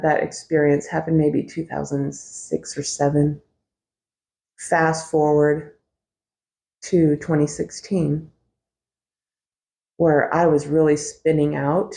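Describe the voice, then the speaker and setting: With a low, darkish voice edged with vocal fry, this middle-aged podcast host shares a personal story. Her telling is candid and wry, full of free swearing and frequent laughter.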